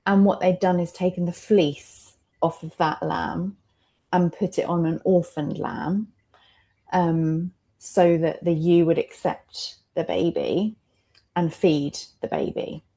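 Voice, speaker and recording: A woman's voice: lowish voice, slow, dark tone. A mother in a candid roundtable conversation, speaking reflectively and emotionally, often laughing between her thoughts.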